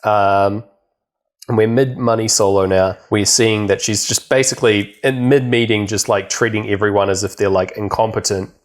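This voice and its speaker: A man's voice: on the low side, steady tone, moderate pace. A young man co-hosting a podcast, casually recapping a film with lots of fillers and laughter. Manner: rambling, many fillers, laughs often. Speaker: podcast co-host.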